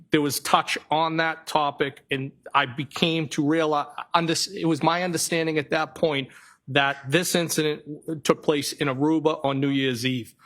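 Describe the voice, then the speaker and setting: A man testifying as a witness in a courtroom, reading messages aloud in a careful, flat way and sometimes correcting himself. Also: on the high side. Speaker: trial witness.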